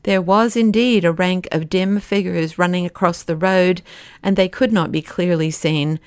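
A woman narrating a classic novel as an audiobook, in a steady, expressive way. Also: on the low side, smooth, no room sound, clean studio sound. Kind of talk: scripted narration.

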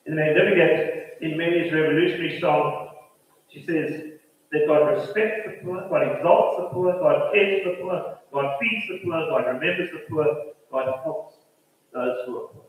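In a roomy church hall, a distant microphone captures a South African pastor preaching at a moderate pace. His voice is fairly high and the sound phone-like, and he layers his points through rhythmic repetition.

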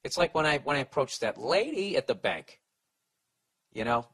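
A male comedian on his podcast, ranting profanely as he gives advice, with a voice of ordinary middle pitch. He rambles, restarts his sentences and jumps into quick mock voices for the people in his stories. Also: big pitch swings, a bit bright.

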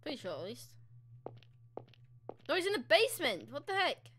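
Young woman gamer, high crisp voice, excitable, reads in-game dialogue aloud. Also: normal speed. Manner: excitable, reacting aloud, reading character lines. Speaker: let's play gamer. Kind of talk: casual gameplay commentary reading dialogue aloud.

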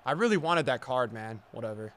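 A man streaming live gameplay commentary, sarcastic and bantering and often yelling at the game. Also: medium pitch, animated, a little fast, a little hiss or hum. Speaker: gaming streamer.

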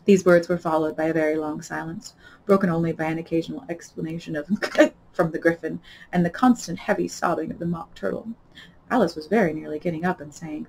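A woman reading a children's story aloud for a library storytime, with expressive, animated delivery. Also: on the low side, a little fast, vocal fry, slight background noise, low-quality recording.

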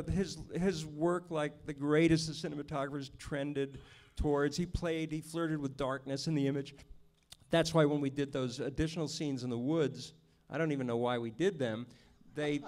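Man, film director, lively anecdotes, fairly high voice, audience Q&A. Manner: animated storyteller, acts out the people he quotes. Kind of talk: storytelling at a Q&A. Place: stage at a film screening venue.

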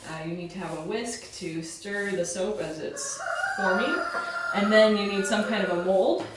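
A woman's voice: mid-range voice, normal speed, distant mic, heavy background noise. A woman giving a casual home demonstration, explaining each step in a friendly, plain way with some fillers and restarts. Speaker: soap-making instructor. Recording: very echoey room, voice from away from the mic.

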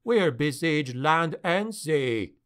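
A man's voice: fairly high pitch, animated, slow pace. A man voicing a bitter, weary male dwarf harbor master who grumbles his complaints, for an audiobook.

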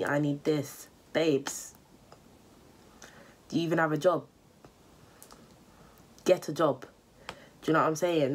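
A woman's voice: low-pitched, a little hiss or hum. A young woman, bluntly scolding viewers with money advice in a vlog. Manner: blunt, scolding, repetitive, slangy. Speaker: vlogger.

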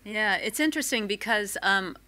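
Bright-toned American woman, wry and playful. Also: mid-range voice, lively intonation. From United States. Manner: wry, playful, with many 'um' and 'uh' pauses. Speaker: former TV presenter, panel guest. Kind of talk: reflective anecdotal talk at a live Q&A. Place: stage at a live film-institute Q&A event.

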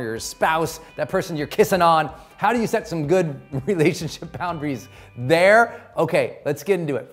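A middle-aged man giving an emphatic motivational talk as a personal growth coach, repeating his key points. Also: on the high side.

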